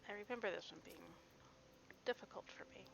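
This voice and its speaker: A woman's voice: medium pitch, fast talker, gravelly. A woman playing a video game, reading character dialogue aloud in a playful, theatrical way and commenting as she plays. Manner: reads quest text in a playful, theatrical way. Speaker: let's play gamer. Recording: dull lo-fi home recording.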